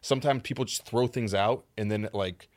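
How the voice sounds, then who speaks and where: Low-voiced man, animated podcast co-host. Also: a little fast. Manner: animated, acts out quoted reactions. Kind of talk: casual chat.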